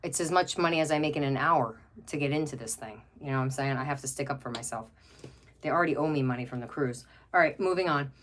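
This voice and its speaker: Extremely low-pitched and fast, a middle-aged woman talks through her home craft livestream on a webcam. She rambles and gushes, especially about pets, reads viewer comments aloud, and leans heavily on fillers.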